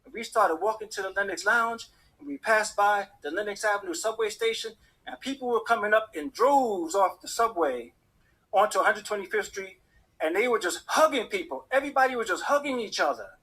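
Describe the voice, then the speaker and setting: Husky high-voiced male storyteller. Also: a little fast. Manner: animated, acts out the voices of people in his story. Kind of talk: personal story told to an audience.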